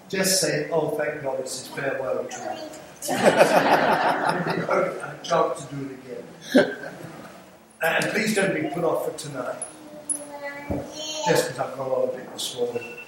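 Older English evangelist in an echoing church. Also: male voice, fairly high pitch. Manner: earnest, pleading, with light humour. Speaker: visiting evangelist. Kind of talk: evangelistic sermon with altar call. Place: church sanctuary. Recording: echoey church from a distance, noisy.

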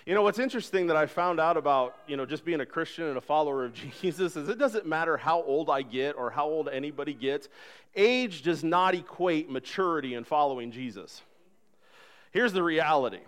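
Animated, conversational male pastor. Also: a little high, a little fast, smooth. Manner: animated and conversational, acting out dialogue. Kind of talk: sermon. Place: church sanctuary.

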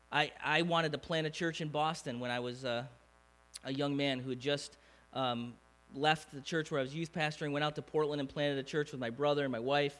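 Man preaching, lively conversational sermon, slightly higher voice. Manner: animated, conversational preaching with rhetorical questions to the crowd. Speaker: pastor.

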